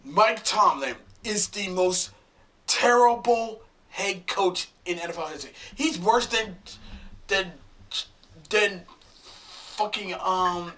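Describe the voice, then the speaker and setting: A sports fan vlogger rants furiously about his football team, swearing often, repeating himself and stumbling over his words. His voice is high and sharp.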